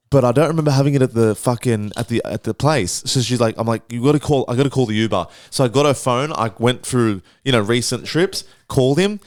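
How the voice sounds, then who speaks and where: Fast-talking man telling a story. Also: mid-range voice, dry recording. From Australia. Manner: swears freely, animated retelling with voiced quotes. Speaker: podcast host. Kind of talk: casual storytelling.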